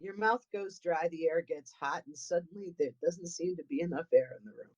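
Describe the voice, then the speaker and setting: A woman with a New England accent speaks in a lowish voice at a fairly quick clip. She's a guest paranormal investigator chatting casually, rambling, often repeating words and restarting. The audio is dull and lo-fi.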